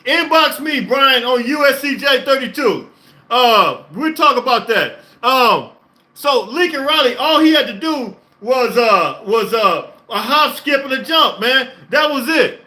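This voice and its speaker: High-pitched bright excited man. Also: a little slow. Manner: excited, emphatic, repetitive; laughs often. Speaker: podcast host. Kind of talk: live-stream sports reaction, reading chat.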